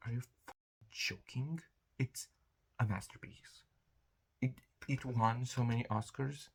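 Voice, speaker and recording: A man's voice: medium pitch, gravelly, fairly bright tone, breathy edge. A young man talking casually to camera in a rambling solo monologue, jumping into quoted voices and laughing often. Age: young adult. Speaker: vlogger.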